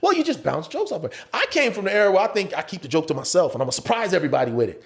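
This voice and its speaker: A man, an actor and stand-up comedian, chatting as a guest on a casual podcast interview, telling animated stories and acting out the voices of people he quotes, with plenty of profanity. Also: high voice, racing, vocal fry. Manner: animated storyteller who acts out quoted voices, heavy profanity.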